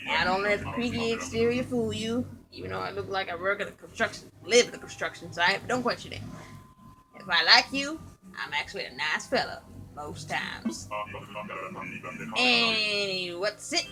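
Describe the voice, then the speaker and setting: Woman reading as a gruff bear builder. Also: mid-range voice, lively intonation, normal speed, close to an everyday voice. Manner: reading a character's dialogue aloud, blunt. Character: gruff male bear villager, grumpy builder.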